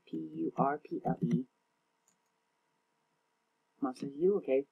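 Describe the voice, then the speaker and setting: A man's voice: a little high, steady tone, slow pace, gravelly, husky, highs cut off. A young man casually commenting on his own gameplay, rambling, self-mocking and often tongue-tied. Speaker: gaming channel host.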